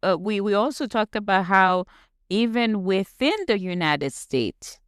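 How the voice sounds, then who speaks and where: A woman from Haiti, a guest on a podcast, speaking in a measured, thoughtful way and often restarting her sentences. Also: medium pitch, clear, resonant tone, no room sound, clean studio sound. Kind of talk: casual conversational interview.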